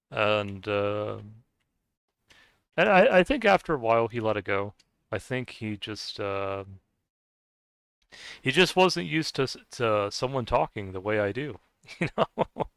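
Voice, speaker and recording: A man's voice: mid-range voice, big pitch swings, measured pace, vocal fry, pauses often, fairly bright tone, clean tone, dry recording, studio quality. An American man with a Scottish-sounding accent, chatting casually and rambling hesitantly while streaming a game, laughing often. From United States. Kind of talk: casual chat while gaming.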